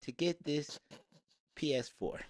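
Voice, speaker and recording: A man co-hosting a podcast, telling stories in a rambling, animated casual chat. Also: on the high side, slow pace. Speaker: podcast co-host.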